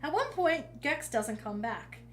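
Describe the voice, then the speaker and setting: A woman streamer casually telling a story while she paints, chatty and swearing freely, with lively acted-out dialogue. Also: high-pitched, unhurried, slight background noise.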